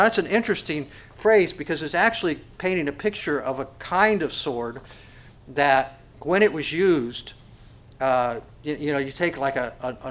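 A man's voice: a little high, fairly bright tone. A man preaching a sermon as pastor. He asks the congregation rhetorical questions and often stumbles over repeated words.

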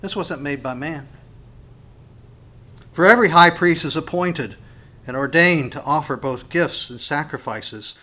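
A man preaching a sermon, swinging between loud emphatic rises and quiet, slow phrases, often restarting and repeating words as he goes. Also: a little high. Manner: restarts and repeats words while thinking aloud.

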